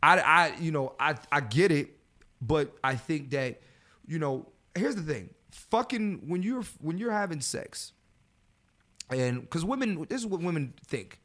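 A man in his thirties holds forth on his podcast, his voice sitting a little high. He swears casually, laughs a lot, and slips into loud rants aimed at his male listeners. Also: lively intonation, measured pace. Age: 30s. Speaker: podcast host. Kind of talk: casual chat.

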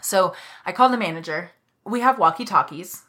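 A young woman on a casual podcast, telling a work story in a heated, animated way with plenty of swearing. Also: lowish voice, normal speed.

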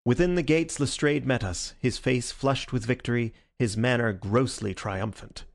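A man narrating an audiobook in a steady, even reading style. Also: medium pitch, moderate pace, creaky, hardly any pauses, no room sound, clean studio sound.

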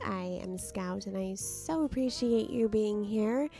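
Tired woman podcaster with vocal fry. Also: medium pitch, normal speed, hardly any pauses, music in the background. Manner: gushing, earnest, repeats words for emphasis. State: tired, late at night. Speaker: podcast host. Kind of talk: casual solo podcast monologue. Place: guest bedroom at night.

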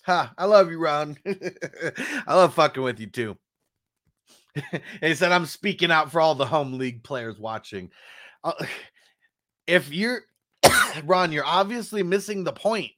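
A young man with a fairly high voice hosts a casual fantasy football live stream, ribbing a viewer with profane, teasing banter. He rambles, full of fillers and asides, and keeps talking straight to his audience. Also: animated, unhurried, pauses often, a bit bright, no echo, rough recording. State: coughing between phrases.

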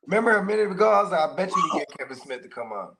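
A man chatting on a casual podcast, excitable and loose with his swearing. His talk is full of "bro" and "you know what I mean.". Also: sits high, rapid-fire, vocal fry. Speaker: podcast co-host. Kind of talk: casual chat.

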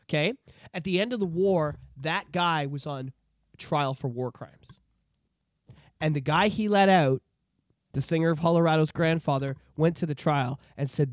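A man's voice: on the high side, normal speed, no room sound, studio quality. A young adult man from Canada, hosting a podcast and ranting in casual, profane political chat with lots of repetition. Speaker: podcast host.

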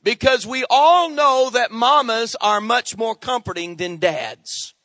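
Preaching with lively energy, a middle-aged pastor pauses to ask his congregation for amens. He speaks high with a bright, forceful edge, and the close, dry recording has no echo.

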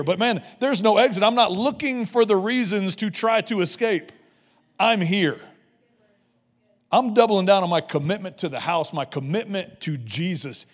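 A middle-aged man with a fairly high voice preaches to a church, punchy and playful, throwing in quick jokey voices. His words ring out with a long reverb, like a large sanctuary. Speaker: guest preacher. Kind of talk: energetic sermon.

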